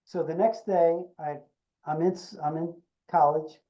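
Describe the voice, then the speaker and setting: An older man, an actor being interviewed, tells an anecdote with animated delivery and acts out the dialogue. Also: fairly high pitch, measured pace, highs cut off. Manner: animated storyteller acting out quoted dialogue. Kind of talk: storytelling anecdote.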